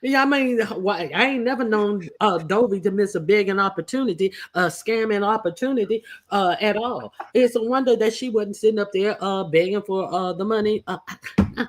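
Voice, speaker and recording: A woman's voice: medium pitch, brisk. A woman hosting a casual livestream, chatting loosely with laughing asides. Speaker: livestream host.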